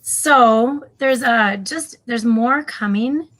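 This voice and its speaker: A woman's voice: a little high, slow, fairly bright tone, rough recording. A woman co-hosting a casual show, friendly and a little scattered as she checks her notes. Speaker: co-host with news segment.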